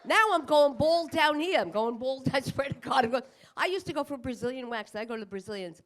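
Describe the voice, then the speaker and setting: This woman in her fifties does a profane, crude comedy set at a club, punctuating brash punchlines with acted-out asides. She talks fairly quickly in a high voice with lively intonation.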